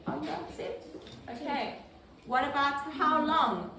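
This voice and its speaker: A woman's voice: high voice, lively intonation, takes it slowly. A woman teaching a classroom lesson, patiently prompting pupils by name. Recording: echoey classroom from far off, noisy.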